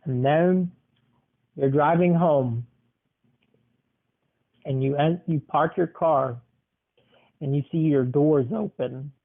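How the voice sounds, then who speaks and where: A man's voice: fairly high pitch, slow, creaky, pauses often. A man hosting a podcast, narrating a role-play scenario and asking questions in a coaxing way. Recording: tinny phone-like sound.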